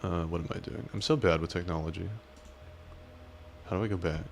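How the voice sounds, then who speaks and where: Deep-voiced teasing male streamer. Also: steady tone, fairly quick, creaky, slight background noise. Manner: teasing, crude, mock-menacing. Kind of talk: casual stream chat reacting to clips.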